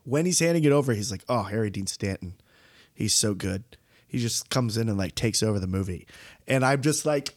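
Excitable man chatting about films. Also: mid-range voice. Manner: excitable, animated storytelling with quoted asides. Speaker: podcast co-host. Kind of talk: casual film discussion.

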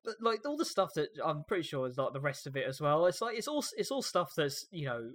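Dude on a podcast kinda high voice, rambly, lots of like and cursing. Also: male voice, big pitch swings, fast, fairly bright tone. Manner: incredulous, rambling with many fillers, swears. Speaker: podcast co-host. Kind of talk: casual chat.

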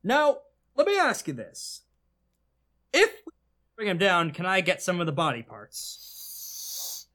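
Man doing a crude male ghost, deadpan, offhand, high-ish lively voice. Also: takes it slowly, long pauses, heavily acted. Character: odd, crude male ghost bargaining for help.

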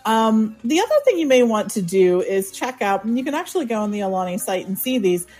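A woman co-hosting a podcast, giving practical travel advice in a steady way with frequent ums. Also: a little high, brisk, soft background music.

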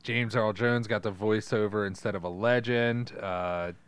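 Smooth low-voiced man, joking podcast host. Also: fairly even intonation, unhurried. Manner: profane, joking, reads trivia notes. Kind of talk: casual podcast chat.

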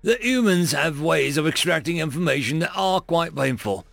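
A man's voice: on the high side, expressive, normal speed, gravelly, fairly bright tone, no echo, faint music behind, voice pushed up. A man voicing an irritable alien mercenary who sneers and threatens a prisoner, in a story reading. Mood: menacing.

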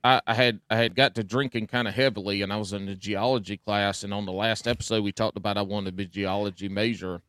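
Male co-host, low smooth voice, self-mocking rambling storyteller. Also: steady tone, fast talker, hardly any pauses, a bit bright, no room sound, studio quality. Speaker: podcast co-host. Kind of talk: casual storytelling chat.

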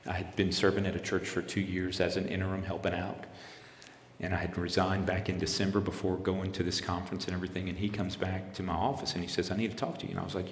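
A man in his forties, a missionary pastor, tells a personal story in an interview, earnestly retelling it with quoted dialogue and often restarting his sentences. His low voice comes out flat and fast. The room is echoey with a long reverb tail, plus a little hiss or hum.

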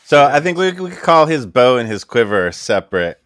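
A man narrating as game master of a tabletop game, relaxed and hedging as he talks. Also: mid-range voice, fairly quick, crowd noise.

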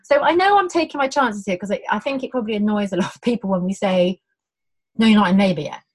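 A middle-aged woman, a birth educator, explaining labour in casual conversation, animated, acting out quotes with many restarts. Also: medium pitch, quick pace, rough recording.

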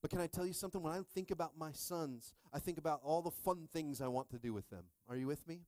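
Male pastor, middle-aged, energetic sermon, slightly high voice, dry sound. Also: quick pace, dry recording. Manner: energetic, repeatedly asking "are you with me?".

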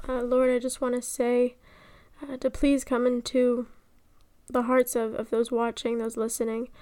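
A woman's voice: a little high, level tone, measured pace, warm tone, smooth. A young woman co-hosting a casual faith podcast, chatty and full of fillers. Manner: chatty, filler-heavy phrasing. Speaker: podcast co-host.

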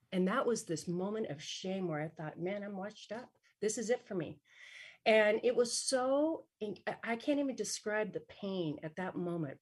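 A middle-aged woman tells a personal story as a guest, with a breathy, slightly husky voice. She is animated, laughs often and slips into the voices of the people in her tale. Her pitch sits in an ordinary middle range. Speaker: guest author and coach. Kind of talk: storytelling in a panel talk.

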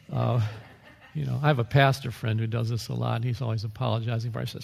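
A man preaches in a relaxed, conversational way, breaking off into asides and soft chuckles. His mid-pitched voice has a gravelly edge. The sound carries a long hall reverb. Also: fairly quick. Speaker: pastor. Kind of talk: sermon.

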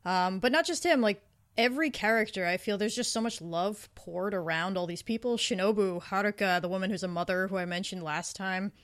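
A woman's voice: mid-range voice, fairly quick. A woman co-hosting a podcast, talking casually and enthusiastically about shows, sometimes acting out the lines she quotes. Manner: enthusiastic, acts out quoted characters. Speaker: podcast co-host. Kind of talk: casual podcast review chat.

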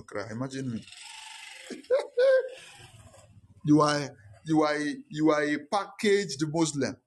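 A man preaching a lively sermon as pastor, repeating phrases and leading call-and-response. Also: a little high, breathy edge.

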